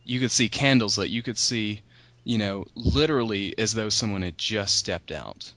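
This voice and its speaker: A man hosting a podcast, casually retelling a book's story and acting out the characters' lines with a raised pitch. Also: normal speed, a bit bright, dry recording. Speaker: podcast host.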